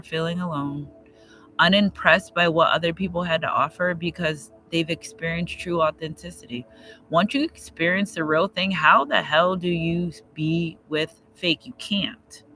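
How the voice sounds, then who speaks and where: A man's voice: on the high side, steady tone, normal speed, sharp tone, faint music behind, low-quality recording. A man giving a live tarot reading outdoors, talking straight to his viewers in an emphatic, slangy way. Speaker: tarot reader.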